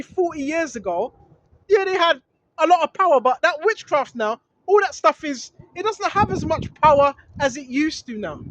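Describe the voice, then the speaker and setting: Fervent high-voiced street preacher outdoors. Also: fairly bright tone, no echo, dull audio. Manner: fervent, blunt and scolding, with slang and asides. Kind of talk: outdoor preaching vlog with scripture reading. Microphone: handheld camera filming.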